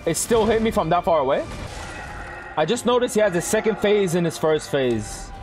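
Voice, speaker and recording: Excitable young man yelling over gameplay. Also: high-pitched, normal speed, music in the background. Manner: excitable, swearing, yelling at the game. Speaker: gaming streamer. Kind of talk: live gameplay commentary.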